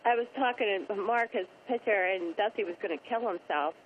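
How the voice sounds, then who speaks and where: A woman's voice: mid-range voice, a little hiss or hum. Hesitant woman caller on a muffled line. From Pittsburgh area, US. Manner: hesitant, emotional, short halting replies. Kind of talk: phone call-in conversation. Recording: dull muffled phone-in line.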